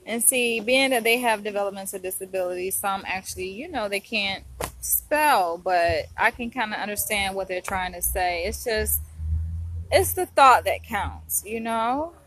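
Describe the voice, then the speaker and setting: A woman's voice: mid-range voice, expressive, normal speed, slight background noise. A young woman vlogger, teary after crying, talking casually and gushing emotionally. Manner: emotional, softly gushing, says "y'all" often. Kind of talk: casual vlog chat.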